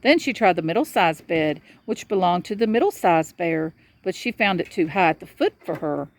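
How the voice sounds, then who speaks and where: A woman reading a children's storybook aloud to a young child in a lively storyteller's manner. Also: fairly low pitch, moderate pace.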